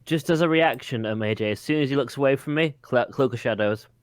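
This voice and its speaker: A man playing in an online tabletop game, jumping in with quick, animated interjections. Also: medium pitch, no room sound. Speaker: player. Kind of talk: casual tabletop play over voice chat.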